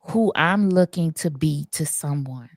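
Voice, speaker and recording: A woman's voice: sits low, unhurried, a little mellow, dry recording, studio quality. A woman co-hosting a casual livestream chat, telling candid personal stories and laughing often. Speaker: co-host and producer.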